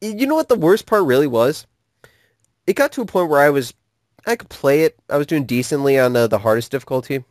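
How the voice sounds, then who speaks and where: A man ranting about games in casual chat with a friend, animated and quick to curse and laugh. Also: a little high, no echo, clean studio sound. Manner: animated, swears freely, laughs often. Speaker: co-host of a gaming channel.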